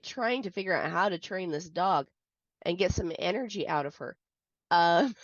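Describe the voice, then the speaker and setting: Host, woman, low-ish voice, chatty confessional storytelling, dry dull lo-fi mic. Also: no echo. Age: adult mother. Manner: candid, animated, frequent "right?" and "um". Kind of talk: personal storytelling. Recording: dull lo-fi sound.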